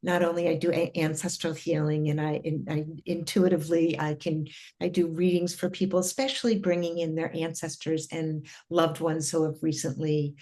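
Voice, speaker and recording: A woman's voice: low-pitched, little pitch movement, normal speed, hardly any pauses, mellow. A middle-aged woman telling her spiritual experiences as an interview guest, earnest and full of fillers and restarts. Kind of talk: casual interview storytelling.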